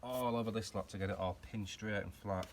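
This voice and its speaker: A man's voice: fairly low pitch, fairly even intonation, fairly quick, heavy background noise. A man chatting casually while he works on a car in his garage, rambling and poking fun at himself. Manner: chatty, self-mocking, rambling asides while working. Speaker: hobby car restorer and channel host. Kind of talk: casual workshop vlog chat.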